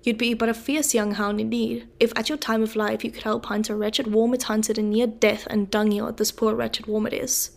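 Woman doing a gruff hungry convict. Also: a little high, steady tone, normal speed, hardly any pauses. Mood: suspicious. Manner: loud, rough and urgent. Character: gruff starving male convict, fierce and wary.

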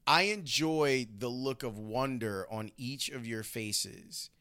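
A man's voice: mid-range voice, takes it slowly, sharp tone, clean tone. A middle-aged man hosting a podcast, interviewing his mother in an affectionate, teasing conversation. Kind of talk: casual interview.

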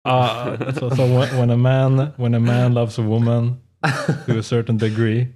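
A man's voice: mid-range voice, monotone, a little slow, warm tone. A man co-hosting a podcast, telling rambling anecdotes in casual chat and laughing often. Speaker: podcast co-host.

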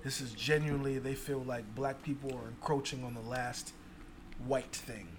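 A man's voice: mid-range voice, steady tone, normal speed. A young man talking casually and giving blunt opinions, laughing between points. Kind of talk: casual chat.

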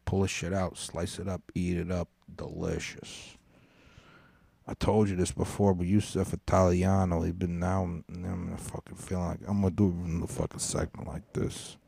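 A man's voice: sits low, little pitch movement, moderate pace, vocal fry, mellow, breathy edge, dry recording. A man hosting a podcast, ranting in a rambling, profane way and stumbling over his words. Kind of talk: casual rant.

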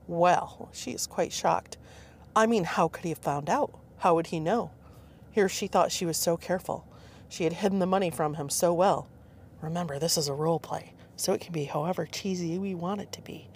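A woman in her fifties hosts a podcast in a casual, chatty style. She tells her stories playfully and pokes fun at herself. Her voice sits somewhat low for a woman. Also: normal speed, darkish tone, breathy edge. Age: 50s. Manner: playful, chatty, self-mocking. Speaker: podcast host.

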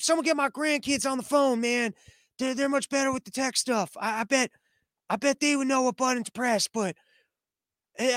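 A muddled elderly president fumbles through his words in a soft, halting voice, stammering and repeating himself, as a man puts him on. The voice sits high and a little hushed, with a thin, strained edge. The sound is dry and close. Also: no room sound. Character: muddled elderly male president, easily confused.

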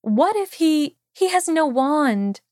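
An earnest, determined young witch pleads and pushes eagerly, pitched well above the reader's own voice, voiced by a woman reading a fan fiction audiobook. Her speech comes in bright, insistent bursts. The sound is dry, with no room echo. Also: very animated, takes it slowly, heavily acted. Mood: pleading.

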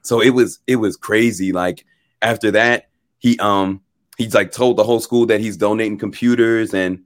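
A young man, a musician guest on an interview show, telling a story in a relaxed, animated way. He laughs often and acts out what people said. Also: fairly low pitch, normal speed, dry recording.

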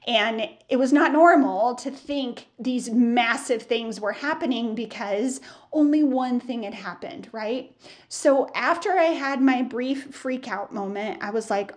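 A woman's voice: a little high, measured pace. A woman hosting a casual solo podcast, a bakery owner telling a story in a candid, chatty way with many fillers.

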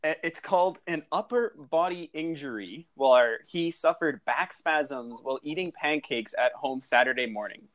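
Man, young adult, co-host, hockey podcast banter, relaxed, joking, slightly high voice. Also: moderate pace, hardly any pauses. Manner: relaxed, joking, easily amused. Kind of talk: casual hockey podcast chat.

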